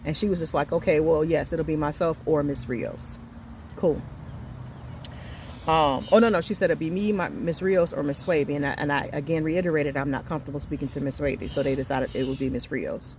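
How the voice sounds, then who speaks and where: A woman in her thirties telling an angry story about her son's school, emphatic and reenacting the conversations, swinging between quiet and loud. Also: low-pitched, brisk, a little hiss or hum. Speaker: mother venting on her channel. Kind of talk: heated storytelling rant.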